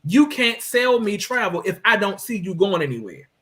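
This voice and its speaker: A man's voice: high voice, sing-song, moderate pace, a bit bright. A man co-hosting a business panel discussion, talking in an emphatic, preaching way with rhetorical questions. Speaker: co-host.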